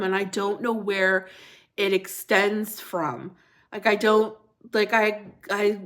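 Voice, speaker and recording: A woman's voice: mid-range voice, fairly bright tone. A middle-aged woman hosting a casual livestream, chatting and laughing as she reacts to viewer comments.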